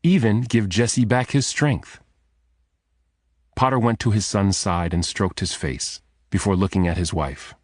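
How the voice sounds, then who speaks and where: A man narrating a thriller audiobook in a measured, steady storytelling manner. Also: lowish voice, dry recording, clean studio sound. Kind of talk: scripted narration.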